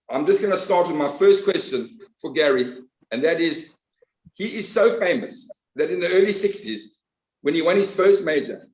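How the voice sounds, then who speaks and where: A man, hosting and introducing a guest with warm praise. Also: fairly high pitch. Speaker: host. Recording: roomy echo.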